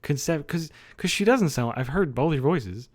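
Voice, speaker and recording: A man's voice: on the high side, expressive, moderate pace. A young man streamer in casual livestream chat, joking and laughing often.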